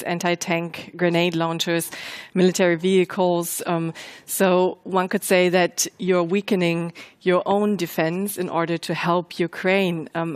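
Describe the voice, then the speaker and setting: A woman journalist interviewing a guest at a conference, asking clear questions in a friendly way with some ums. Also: lowish voice, dry recording.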